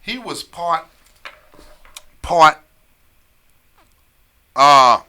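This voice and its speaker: A man telling a long story in casual chat on a live stream, animated, repeating phrases and laughing often. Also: on the high side, extremely slow, smooth.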